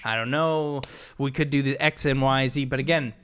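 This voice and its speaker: A man co-hosts a casual gaming podcast, animated and laughing as he acts out scenes, swearing casually. His voice is smooth and medium-pitched, at a moderate pace.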